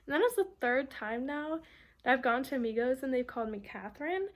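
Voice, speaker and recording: Speaking a little fast in a high, animated voice, a young woman art student chats through a casual vlog about her week. She tells it in a chatty way, loaded with "like" and other fillers.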